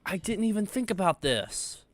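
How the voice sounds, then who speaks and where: A man's voice: high voice, very animated, moderate pace, dry recording. A young man hosting a casual livestream, rambling loosely and reading chat messages aloud with plenty of filler words. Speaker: livestream host.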